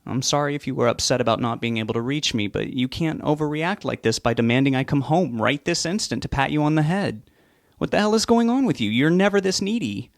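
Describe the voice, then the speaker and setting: A man voicing an irritated, impatient adult son who talks in a sharp, exasperated way. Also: medium pitch, expressive, a little fast, dry recording, clean studio sound, voice pushed up, natural voice.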